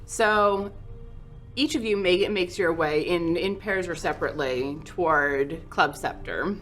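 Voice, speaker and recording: A woman running a tabletop game as game master, chatty and halting with frequent restarts. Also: fairly low pitch, fairly bright tone, faint music behind.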